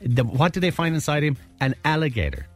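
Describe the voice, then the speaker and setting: A man's voice: fairly high pitch, very animated, brisk, faint music behind. A man, hosting a casual radio chat and reading out listener messages. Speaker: radio host.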